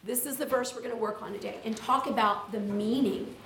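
A woman teacher leading a workshop for other teachers, lively and chatty with teacherly asides, speaking live to a room of listeners. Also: fairly high pitch, a little fast, a little hiss or hum. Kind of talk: live classroom-style workshop talk. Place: room with audience. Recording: echoey room, far from the mic.

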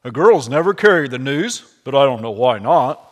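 A man's voice: medium pitch, sing-song, moderate pace, voice pushed up. A man voicing a kindly older Quaker miller who talks in a folksy, considered way, in a room with a long echo. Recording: echoey room with long reverb.

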